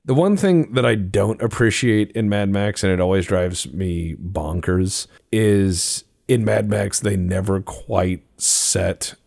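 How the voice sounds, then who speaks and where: A man's voice: slow, vocal fry, few pauses, a little mellow. A man co-hosting a podcast in casual chat, joking and riffing with sudden jumps in his voice. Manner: jokey, riffs on absurd bits with sudden pitch jumps. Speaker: podcast co-host.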